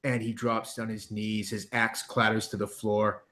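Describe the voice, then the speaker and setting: Low voiced guy game mastering, stops and restarts a lot. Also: flat delivery, sharp tone. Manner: halting, many ums and restarts. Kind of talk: narrating a tabletop game.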